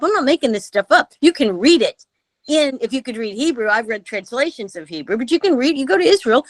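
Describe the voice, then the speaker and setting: A woman's voice: high voice, animated, brisk, no room sound. A woman guest giving impassioned political commentary on a radio interview, speaking over a remote call with emphatic rhetorical questions. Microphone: remote call audio.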